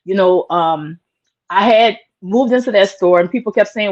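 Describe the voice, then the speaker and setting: A woman's voice: mid-range voice, moderate pace, darkish tone. A woman guest in an interview, telling a personal story in an earnest, emotional way, with lots of "like" fillers. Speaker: interview guest, small business owner. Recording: dull lo-fi sound.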